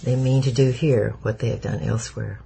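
A man's voice: mid-range voice, steady tone, fairly quick, vocal fry, dark tone, slight background noise, close to an everyday voice. A man voicing a defiant elderly watchmaker father, speaking in bold, indignant declarations.

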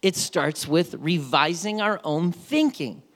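A man preaching a sermon as pastor, animated and playful, with storytelling asides. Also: a little high, slow. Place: church sanctuary.

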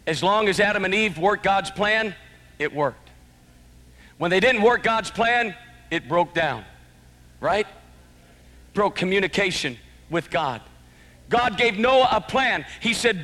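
A man preaching a sermon as pastor, impassioned, swinging between shouted exclamations and hushed, earnest passages. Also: high-pitched, lively intonation, slow, pauses often. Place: church sanctuary. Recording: long church hall reverb.

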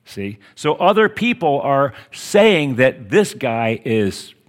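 A man's voice: mid-range voice, very animated, slow pace. Middle-aged man, pastor, conversational sermon, folksy, chatty storytelling, keeps checking in with his listeners. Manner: folksy, with frequent tag questions like "see?".

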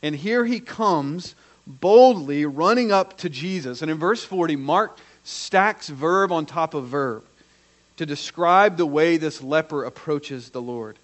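A man preaching a sermon, acting out quoted voices and swinging from hushed to loud. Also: a little high, measured pace. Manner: dramatic, acts out the quoted voices.

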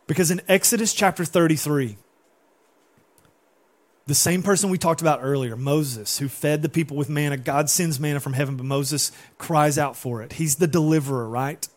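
A man preaching with lively, animated energy, his voice sitting a little higher than most men's. He keeps turning questions back to his congregation as he teaches. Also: normal speed. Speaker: pastor. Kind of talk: sermon.

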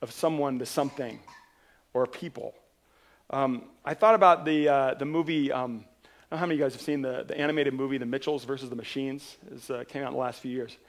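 A pastor delivers a sermon, telling a story animatedly and hammering his points home through emphatic repetition. His voice is medium-pitched and fast.

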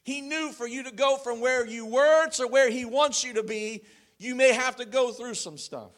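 Guy pastor preaching, high-ish voice, goes loud then real quiet, very dramatic. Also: normal speed. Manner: dramatic swings between loud and hushed. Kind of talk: sermon.

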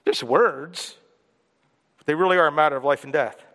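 A man preaching with a high, bright voice that carries a long reverb, as in a large church hall. He talks in a relaxed conversational way and keeps putting questions to his listeners. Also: moderate pace. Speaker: pastor. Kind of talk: sermon.

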